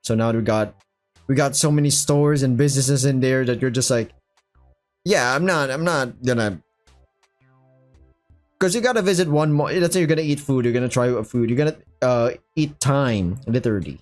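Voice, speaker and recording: A man's voice: medium pitch, fairly quick, darkish tone, soft background music. A young man, reading a story aloud and breaking off for loose, joking side comments with casual swearing. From Philippines. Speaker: story reader and channel host.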